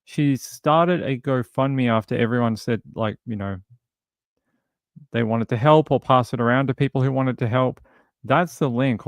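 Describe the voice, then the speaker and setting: A man's voice: medium pitch, vocal fry, no room sound. A man hosting a casual livestream, rambling and easily exasperated as he chats to viewers. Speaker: livestream host.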